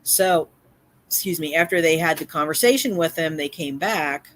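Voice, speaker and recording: A woman's voice: deep voice, normal speed, slight background noise. A woman hosting a livestream who tells her chat about a neighbor with emphatic repetition, many fillers and restarts, sounding upset and shaken. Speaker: livestream host and community cat caretaker.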